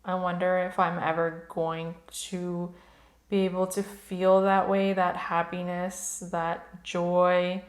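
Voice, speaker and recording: A woman's voice: on the low side, flat delivery, takes it slowly, echoey room. A woman in her thirties chatting candidly to camera while doing her makeup, opening up about personal matters. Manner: candid, chatty, emotional at times. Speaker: beauty vlogger.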